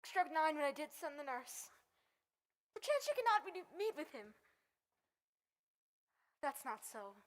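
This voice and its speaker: Juliet, very high eager girl played by a woman. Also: sing-song, a little slow, pauses often. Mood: eager, impatient. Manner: pleading, breathless urgency. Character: impatient young girl in love, eager. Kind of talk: Shakespeare stage reading. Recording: long reverb on live stream.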